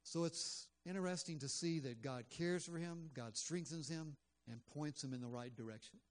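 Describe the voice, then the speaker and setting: A man's voice: fairly high pitch, normal speed. A man preaching a sermon in an earnest, conversational way, with frequent fillers. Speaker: pastor.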